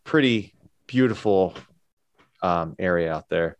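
A man's voice: low voice, slow. A man co-hosting a casual podcast chat, easygoing and a little hesitant. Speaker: podcast co-host.

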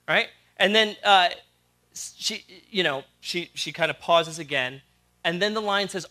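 A man's voice: a little high, moderate pace. A middle-aged man preaching a sermon, telling a story and acting out its quoted lines. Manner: animated, acts out quoted lines. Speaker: guest preacher.

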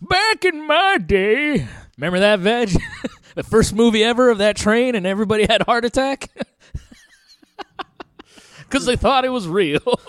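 A man's voice: sits high, normal speed, long pauses, no room sound. A man co-hosting a casual podcast, playful and often giggling. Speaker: podcast co-host.

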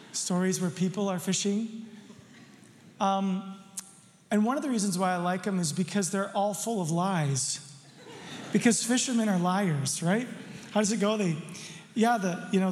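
This middle-aged pastor has a high-pitched voice that fills a big-room church sanctuary. During his sermon, he playfully and animatedly recounts a childhood story, adding jokes for the congregation.

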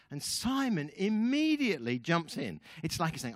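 A man as guest speaker giving a sermon, telling the story in an animated way with chatty asides to the audience. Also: fairly high pitch, normal speed, hardly any pauses, no echo, studio quality.

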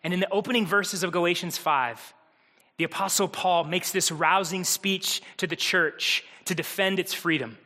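A male pastor preaching with energy, his voice high and bright. He builds his points through rhetorical repetition, and the sound rings with the long reverb of a church hall. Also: normal speed. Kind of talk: sermon. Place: church sanctuary.

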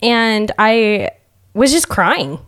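A woman's voice: a little high, animated, drawn-out words, fairly bright tone. A young adult woman chatting openly on a podcast and laughing often. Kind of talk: casual podcast chat.

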